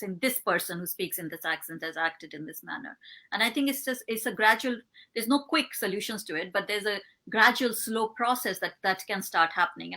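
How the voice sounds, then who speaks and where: A woman guest in an interview, a behavioural scientist explaining ideas in measured, step-by-step answers. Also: mid-range voice, sharp tone.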